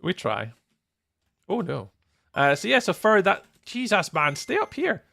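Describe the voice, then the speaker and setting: Scottish man streaming, lively gravelly voice. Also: sits high, unhurried. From Scotland. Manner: chatty, greets viewers by name, laughs often. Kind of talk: casual live-stream chat while building in a game.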